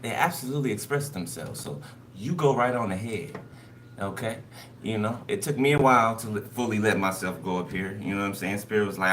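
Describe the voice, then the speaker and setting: A man's voice: lowish voice, lively intonation, a little fast, fairly bright tone. A man giving a casual spoken tarot reading, loose and conversational, who keeps checking in with his listeners. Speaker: tarot card reader. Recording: noisy recording.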